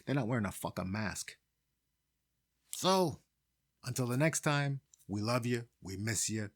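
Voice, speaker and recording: A man closes the show with crude, deadpan jokes. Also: mid-range voice, a little slow, no echo, studio quality. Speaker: co-host. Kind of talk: jokey sign-off.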